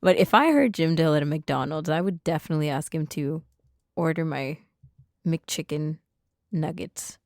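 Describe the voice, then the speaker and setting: Curious woman cohost, lowish voice, asks lots of questions, dry close mic. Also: normal speed, vocal fry, a little mellow, no echo. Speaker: podcast co-host. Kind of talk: casual chat.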